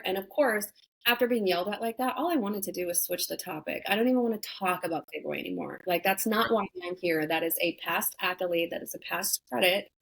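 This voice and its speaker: A young woman speaking frankly as an interview guest, her voice sitting at an ordinary middle pitch. She talks bluntly and swears freely, and her sentences run on with casual fillers. She keeps a conversational tone throughout. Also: a bit bright, low-quality recording. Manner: conversational, many "like" and "you know" fillers. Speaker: interview guest, former reality show contestant. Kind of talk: candid sit-down interview.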